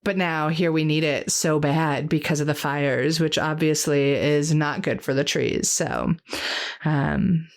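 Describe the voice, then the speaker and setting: A woman's voice: low voice, a little slow. A young adult woman hosting an herbal podcast, chatting casually and eagerly with lots of fillers. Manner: chatty, enthusiastic, many fillers.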